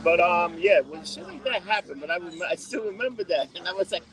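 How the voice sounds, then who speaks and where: High-voiced joking man over crowd noise. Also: expressive, brisk. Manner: joking, loose, profane reactions. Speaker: podcast co-host and bartender. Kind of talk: casual chat.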